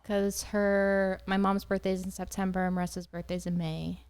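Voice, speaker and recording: A woman's voice: medium pitch, flat delivery, moderate pace, a little mellow, clear, resonant tone, no room sound. A nineteen-year-old woman in casual podcast chat. She giggles often and readily agrees.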